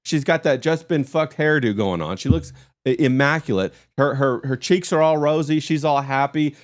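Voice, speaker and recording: A man's voice: a little high, normal speed. An American man hosting a podcast with brash, crude casual banter. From United States. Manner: brash, says "bro" and "you know" a lot. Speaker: podcast host.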